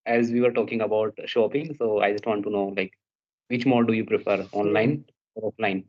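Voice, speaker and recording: A man asking questions in a practice conversation, hesitant and pausing with fillers. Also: on the low side, steady tone. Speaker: interviewer. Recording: dull lo-fi sound, away from the mic.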